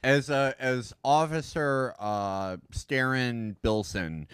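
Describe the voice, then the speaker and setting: A man's voice: mid-range voice, slow, clear, resonant tone, dry recording, clean studio sound. A man co-hosting a comedy podcast, riffing jokes with his co-hosts. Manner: riffing jokes, lively delivery. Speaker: podcast co-host. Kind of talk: comedic banter.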